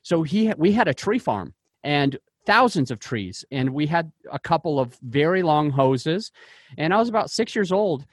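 A man's voice: fairly high pitch, big pitch swings, moderate pace, husky, no echo, studio quality. A man who invests in real estate, telling personal stories in an interview in an earnest way, often restarting his sentences. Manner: earnest, with frequent restarts and fillers.

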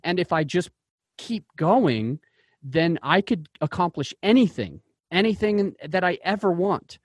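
Earnest, fairly high-voiced man telling stories. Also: expressive, unhurried, breathy edge, no echo, studio quality. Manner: earnest, with frequent restarts and fillers. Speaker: real estate investor. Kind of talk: personal storytelling in an interview.

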